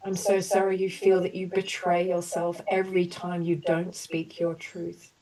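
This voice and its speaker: Woman coach on a video call, low mellow voice, sounds kinda far from the mic, slow and soothing. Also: completely flat delivery. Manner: slow, soothing repeated apologies, then loose chatty explaining. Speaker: voice coach leading an online group session. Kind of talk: guided emotional healing session.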